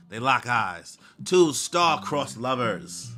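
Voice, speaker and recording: A man's voice: fairly low pitch, expressive, measured pace, pushed and bright, faint music behind. A man reading a manga aloud live and reacting with slangy asides, as the regular host of his channel.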